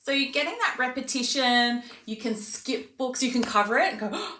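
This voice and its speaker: A woman's voice: on the high side, lively intonation, normal speed, few pauses, pushed and bright, far from the mic. A woman speech pathologist, explaining tips to parents in a friendly way. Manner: friendly explaining, switches to sing-song play voice for demos. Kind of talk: parent tips video with demonstrations. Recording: echoey room, voice a bit off-mic.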